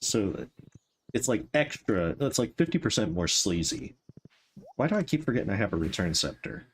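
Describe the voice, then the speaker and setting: A man's voice: lowish voice, big pitch swings, normal speed, a little hiss or hum. A man streaming a game, playfully chatting to the characters as he plays. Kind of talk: casual gameplay commentary. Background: faint game music.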